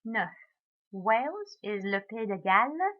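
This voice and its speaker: A woman French teacher talking her class through marking answers in a recorded lesson, modelling each French word clearly. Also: fairly high pitch, sing-song, a little slow, dull audio.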